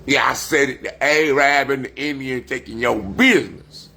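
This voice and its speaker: A man's voice: mid-range voice, moderate pace, vocal fry, bright, forceful tone. A man, rambling profanely and boastfully on a casual livestream. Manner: loose, profane, boastful street talk.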